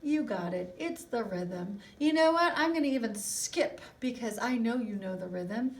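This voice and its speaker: A woman's voice: on the high side, expressive, far from the mic. A woman music teacher giving a recorded video lesson to young children, talking in an encouraging way and asking them lots of questions. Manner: slow, encouraging, asks children many questions.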